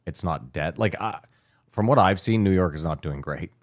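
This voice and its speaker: A man in his thirties from Canada, telling stories and chatting on a podcast in an animated, swearing way. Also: low voice, normal speed, dry recording, studio quality. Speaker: podcast co-host. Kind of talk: casual podcast chat and storytelling.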